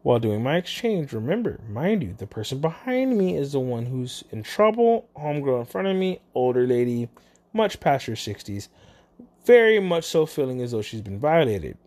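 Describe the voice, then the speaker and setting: Animated storytelling vlogger. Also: mid-range voice, normal speed. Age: adult, parent. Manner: animated, swings between mutters and exclaims. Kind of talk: casual storytelling.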